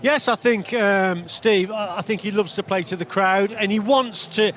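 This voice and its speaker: A man's voice: high voice, moderate pace, fairly bright tone, slight background noise. A man giving emphatic boxing opinions in a casual studio chat. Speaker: boxing pundit. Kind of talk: casual sports talk.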